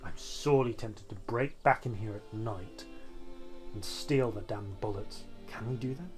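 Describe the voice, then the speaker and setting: A man's voice: lowish voice, unhurried, faint music behind. A man hosting a let's play, giving casual gameplay commentary in a dry, wry, muttering way.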